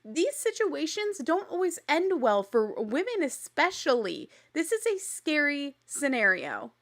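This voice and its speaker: A woman hosting a recap show, telling the story in a chatty, blunt way with casual swearing and animated exasperation. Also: on the high side. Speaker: podcast host recapping a reality show.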